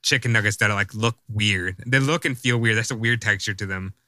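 A man's voice: fairly low pitch, a little fast, sharp tone, dry recording, clean studio sound. A man, a stand-up comedian, chatting on a podcast in a rambling way full of fillers. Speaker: comedian co-host. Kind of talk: casual podcast chat.

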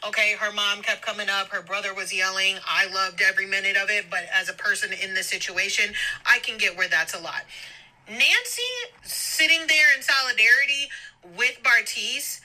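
A woman's voice: medium pitch, bright, forceful tone, rough recording. Fired-up woman ranting on a voice memo. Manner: heated, profane, emphatic. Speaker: podcast guest sending voice notes. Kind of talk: ranting voice note. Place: stopped during a road trip. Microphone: phone voice memo.

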